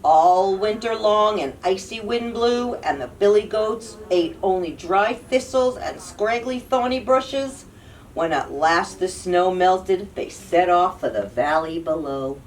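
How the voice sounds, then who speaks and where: A children's librarian reads picture books aloud at storytime, slow and very animated. Her pitch swoops up and down to keep little listeners hooked. The mic sits slightly distant with a faint hiss.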